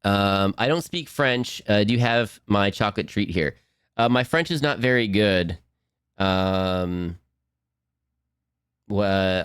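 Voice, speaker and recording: A man's voice: sits low, smooth, no room sound, studio quality. A man hosting a cartoon watch-along stream from home at his computer, rambling and giggling as he answers chat. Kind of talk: casual live-stream chat.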